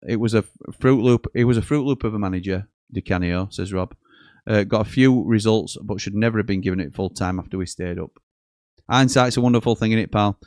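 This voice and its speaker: A man's voice: fairly low pitch, dry recording, studio quality. A man hosting a live football watchalong, chatting casually, joking and reading out viewer messages. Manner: chatty, jokey, reads out messages and chuckles often.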